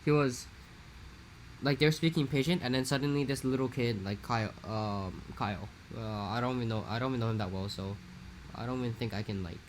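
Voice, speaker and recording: A young man from Hawaii, telling a rambling, animated story in a casual podcast chat. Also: fairly low pitch, a little hiss or hum. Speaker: podcast co-host.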